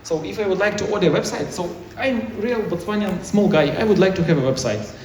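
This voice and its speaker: A man's voice: sits high, brisk, a little mellow, slight background noise. A man giving a conference talk in choppy, non-native English, with many restarts. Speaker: conference speaker. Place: conference hall. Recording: echoey hall, mic far off.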